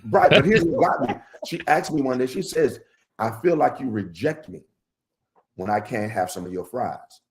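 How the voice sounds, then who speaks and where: A middle-aged man telling stories in a casual podcast chat, his pitch jumping high on the punchlines. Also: moderate pace, a crowd in the background. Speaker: podcast guest.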